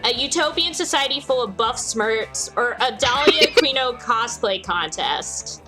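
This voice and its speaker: A woman's voice: a little high, expressive, measured pace, music in the background, poor audio. A young woman hosting a story game, reading its text aloud in a mock-grandiose, playful way. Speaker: host playing a story game.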